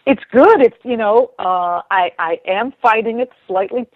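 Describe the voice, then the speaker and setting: A woman's voice: fairly high pitch, unhurried, no echo. A woman chatting casually as a guest on a radio talk show, rambling with frequent restarts. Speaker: guest commentator. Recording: dull lo-fi radio sound.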